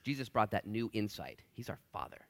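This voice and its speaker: A man preaching a casual, jokey sermon in a church. He swings from loud, excited bursts to hushed whispers. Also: lowish voice, fairly quick, creaky. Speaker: pastor. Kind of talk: expository sermon. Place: church sanctuary.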